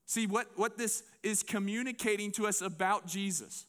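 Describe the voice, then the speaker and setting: Man, pastor, sermon, high voice, animated and conversational. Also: moderate pace. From United States. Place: church before a congregation.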